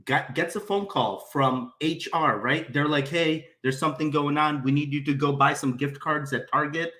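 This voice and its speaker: Co-host type: a man with a bright, slightly high voice, animated storyteller in casual chat. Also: normal speed. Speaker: podcast co-host.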